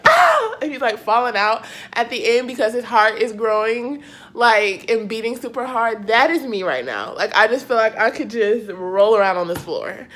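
A woman's voice: a little high, a bit bright. A young woman from Ohio vlogging from a hotel room, gushing and tearful as she talks straight to her viewers. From Akron, Ohio. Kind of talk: emotional vlog chat.

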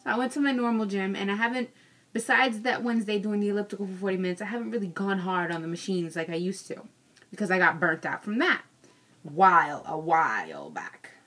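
A woman's voice: medium pitch, lively intonation, brisk, a bit bright. A young adult woman ranting casually in a vlog, frank and self-mocking, cursing freely. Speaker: vlogger.

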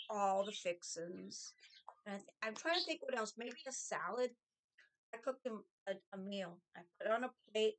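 A middle-aged woman telling casual stories from her past, chatty and animated, acting out what people said. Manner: chatty, animated, acts out quotes in a higher voice. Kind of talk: casual storytelling.

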